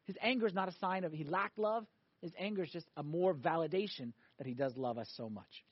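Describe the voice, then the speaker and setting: High-voiced animated male preacher. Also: a little fast, breathy edge, dry recording, muffled recording. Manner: animated preaching, swinging between loud emphatic peaks and quiet asides. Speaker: priest. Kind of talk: sermon.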